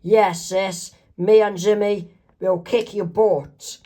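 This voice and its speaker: A man's voice: sits high, steady tone, takes it slowly, mellow. A man voicing a worried, shy young girl in a homemade comic reading, speaking anxiously. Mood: defiant.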